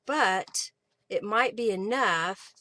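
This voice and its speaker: Working at her craft table during a livestream, a woman of medium pitch speaks slowly against a noisy background. She chats casually, thinks out loud as she crafts, and replies to comments from viewers.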